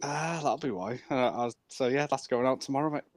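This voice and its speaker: A man co-hosting a casual chat, speaking in a halting way with pauses and fillers. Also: medium pitch, no echo.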